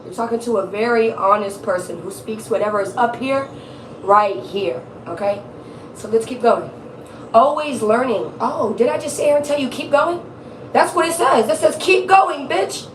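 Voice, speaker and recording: A woman's voice: on the high side, normal speed, distant mic, a little hiss or hum. Chatty swearing woman reading tarot. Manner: chatty, laughs often, swears freely. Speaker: tarot reader. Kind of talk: casual live tarot reading. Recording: echoey room, off-mic.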